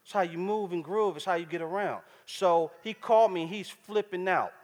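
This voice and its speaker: A man's voice: sits high, lively intonation, normal speed, big-room sound. A man preaching a sermon in a casual, slangy, conversational way, often checking in with the crowd.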